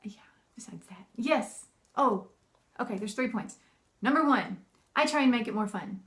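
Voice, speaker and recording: Chatty, animated woman with a high voice. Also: moderate pace. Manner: chatty, animated, laughs often; acts out bossy and cheerful parent voices. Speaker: homeschooling mom. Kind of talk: casual talk to camera.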